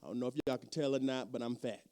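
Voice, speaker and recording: A man doing a self-deprecating stand-up set in a conversational manner, jumping up in pitch for the voices he quotes. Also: fairly even intonation, fast, dark tone. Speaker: stand-up comedian. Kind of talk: stand-up comedy.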